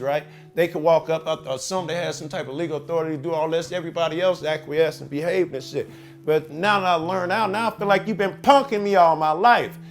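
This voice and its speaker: A man, talking profanely and animatedly in an interview, telling his own stories. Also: a little high. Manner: profane, animated storytelling with Chicago slang. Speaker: interviewee, cop watcher. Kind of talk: casual interview talk.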